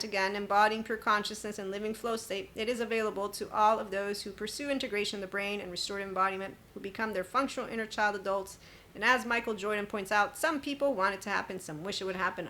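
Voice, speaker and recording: This spiritual self-help podcast host, a woman, talks fast in a mid-range voice that sounds pushed and bright. Her monologue is emphatic and chatty, and she quotes others with sudden laughs.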